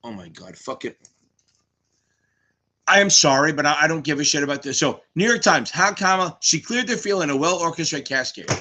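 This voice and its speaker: A man in his fifties hosting a live exam Q&A stream, talking fast, cursing and rambling. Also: a little high, expressive, sharp tone. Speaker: exam tutor, stream host.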